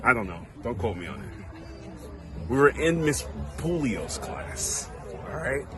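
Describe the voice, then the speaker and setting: A man's voice: mid-range voice, sing-song, measured pace. A man telling a childhood story with lots of laughter, acting out the people in it. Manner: laughing, acts out quoted voices. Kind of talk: animated storytelling.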